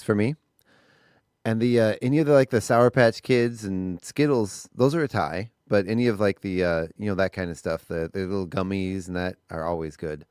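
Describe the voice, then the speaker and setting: A man's voice: fairly low pitch, a little mellow, clean tone, no room sound, studio quality. A man co-hosting a radio morning show, chatting in an easygoing, rambling way. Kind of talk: casual radio banter. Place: radio studio. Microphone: studio microphone.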